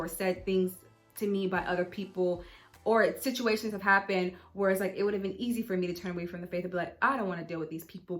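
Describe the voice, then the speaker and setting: A young woman hosting her own vlog channel, talking candidly and casually about faith and personal growth, with lots of fillers along the way. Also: medium pitch. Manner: candid, chatty, with many fillers. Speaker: channel host.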